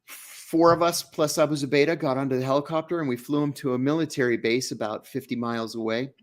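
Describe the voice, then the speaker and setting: A man's voice: mid-range voice, steady tone, fast. Male interview guest, mid-range voice, storyteller who acts out dialogue. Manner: vivid first-person storytelling, acting out dialogue.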